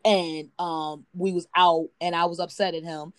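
A podcast co-host, a woman, tells a personal story in a casual chat, rambling with lots of fillers and speaking AAVE. Her voice is fairly low and level in tone at a normal speed, with no echo.

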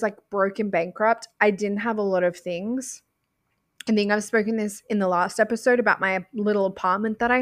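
A woman's voice: a little high, fairly bright tone. A woman with an Australian accent hosting a casual motivational podcast, speaking expressively, swearing freely and repeating words for emphasis. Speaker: podcast host.

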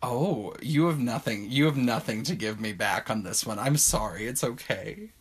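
A man's voice: medium pitch, moderate pace, a little hiss or hum. A man co-hosting a podcast, chatting casually in a rambling way with lots of fillers and frequent laughter. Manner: rambling, heavy use of "like", lively and laughing. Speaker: podcast co-host. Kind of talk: casual chat.

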